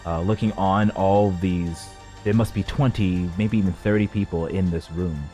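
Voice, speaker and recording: A man narrating a tabletop game as game master, describing scenes haltingly with many restarts. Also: low voice, steady tone, warm tone, soft background music.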